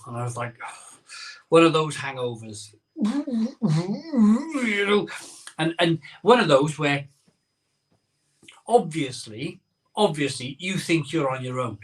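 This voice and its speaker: A man's voice: fairly high pitch, very animated, slow, long pauses, distant mic. A man hosting a live beer-drinking show, telling a rambling story in casual chat and repeating his phrases as he goes.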